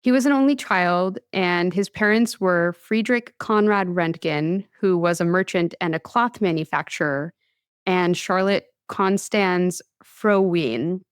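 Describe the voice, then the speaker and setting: Chatty American woman, smooth dry voice. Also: fairly low pitch, unhurried, dry recording. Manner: chatty, laughs often, lots of "like". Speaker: podcast host telling a science history story. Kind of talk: casual podcast storytelling.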